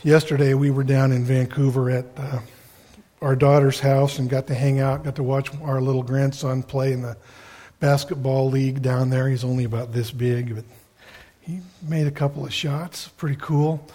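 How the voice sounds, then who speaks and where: A man's voice: medium pitch, level tone, moderate pace, warm tone. An older man preaching a sermon, telling personal family stories in a folksy, conversational way.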